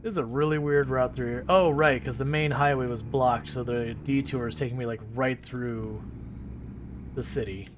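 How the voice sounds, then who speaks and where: A man's voice: medium pitch, fairly even intonation, normal speed, noisy background. A man casually chatting with his live-stream viewers while driving in a game, rambling and laughing easily. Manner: talks to chat while driving.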